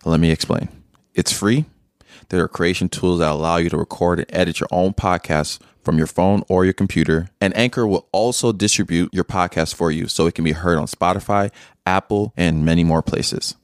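Young man, very low voice, dry close sound, joking podcast co-host. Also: fairly even intonation, normal speed, no echo. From Nigeria. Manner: laughing, joking banter. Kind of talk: casual chat.

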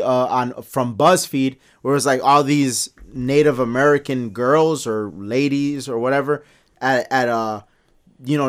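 Co-hosting a laid-back podcast discussion, a man speaks in animated bursts, restarting often, and his pitch jumps whenever he makes a point.

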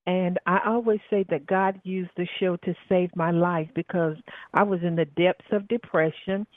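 A woman's voice: on the low side, fairly even intonation, normal speed, no room sound. Southern woman on a tinny phone line. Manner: earnest, spiritual, with frequent filler words. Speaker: guest, radio talk show host and coach. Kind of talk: storytelling interview talk. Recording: dry phone-line audio.

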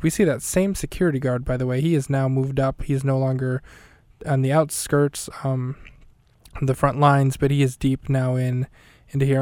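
Man, podcast host, casual recap, monotone, smooth voice, dry room. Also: medium pitch, dry recording. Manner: rambling, self-correcting, light and jokey. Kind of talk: casual chat.

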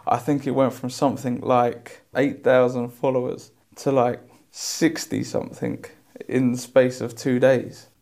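A man's voice: mid-range voice, flat delivery, a little slow, hardly any pauses, darkish tone. A young man, chatting loosely about a memorable day and often filling with "like". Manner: chatty, with lots of likes. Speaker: professional golfer. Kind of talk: interview recollection.

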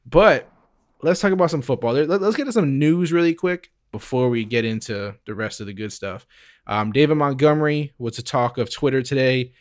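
A man hosting a casual sports podcast, laid-back and quick to laugh, with lots of "like" and "bro". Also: medium pitch, lively intonation. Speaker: podcast host.

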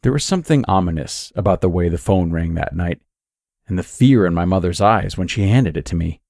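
A man narrating a scripted horror story in a measured, steady way. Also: deep voice, creaky, no room sound, clean studio sound.

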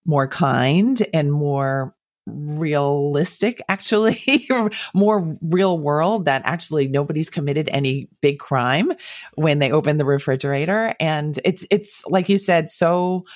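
A podcast host speaks at a middling pitch, thoughtful and measured as they sum up the guest's points. The sound is close and dry, with no room around the voice. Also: dry recording. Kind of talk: conversational interview reflection.

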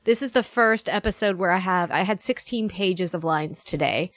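A woman voice actor on a casual podcast speaks at normal speed in a low-ish, somewhat bright voice, captured in clean studio sound with no room tone. She's a chatty storyteller who acts out what others said to her, laughing and filling pauses frequently.

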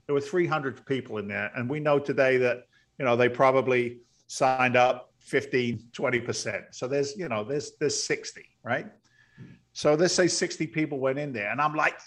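A middle-aged man, a podcast guest, telling his life story earnestly, close to tears, breaking into loud excited bursts. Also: mid-range voice, normal speed. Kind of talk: emotional storytelling interview.

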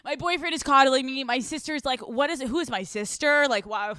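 A young woman with a high, bright voice tells a raunchy story on her podcast, swearing as she goes. Her voice is smooth and clear, recorded dry and close. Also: fairly quick, dry recording. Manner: crude, swearing, animated storyteller. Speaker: podcast host. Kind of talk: casual storytelling chat. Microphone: handheld microphone.

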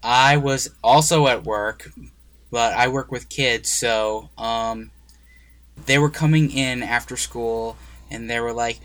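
A man's voice: mid-range voice, steady tone, takes it slowly, fairly bright tone. A man talking as a podcast guest, retelling a story and acting out the conversations. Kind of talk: casual podcast chat.

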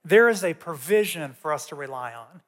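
A man's voice: fairly high pitch, expressive, moderate pace, fairly bright tone. A man teaching a sermon in a conversational way, telling personal stories to a church audience. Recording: long reverb of a large hall.

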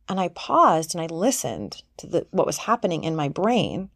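A woman's voice: on the low side, big pitch swings, normal speed, no echo, studio quality. A woman coach giving a casual self-help talk in a conversational way, sometimes acting out the voices she quotes.

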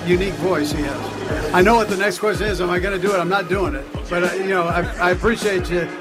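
A man's voice: high-pitched, fast. A man giving casual, laid-back answers in a media interview. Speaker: interviewed football player. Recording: music playing behind.

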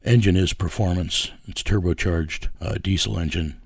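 A man's voice: low-pitched, fairly even intonation, moderate pace, vocal fry, slightly rough, no room sound, studio quality. A man working as a child recovery investigator, telling a story in an interview in a blunt, profane way with many fillers.

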